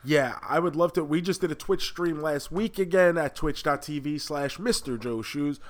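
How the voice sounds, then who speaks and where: Animated higher-voiced man riffing. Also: normal speed. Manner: animated, swears freely, exaggerates for laughs. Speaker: podcast co-host. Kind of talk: casual pop culture chat.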